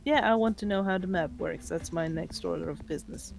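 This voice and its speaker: A woman playing a tabletop game, speaking in a thoughtful, measured way as her character. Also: fairly low pitch, creaky, music in the background. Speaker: player.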